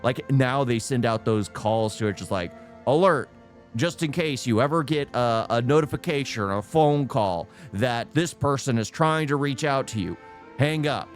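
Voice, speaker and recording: A man gives casual, rambling reaction commentary, and his pitch swings widely as he goes. A faint bed of music plays underneath. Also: normal speed. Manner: rambling, animated, laughs often. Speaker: reaction video host.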